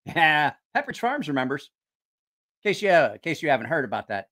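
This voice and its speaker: A man's voice: a little high, very animated, fairly quick, pushed and bright. A man hosting a casual livestream, telling rambling, profane stories and reacting to viewer comments. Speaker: channel host.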